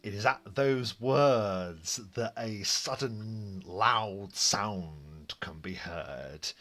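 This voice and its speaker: Unhurried male game master, mid-pitched voice, loose storyteller. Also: a bit bright. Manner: storytelling with fillers and self-corrections. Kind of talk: narrating a tabletop game.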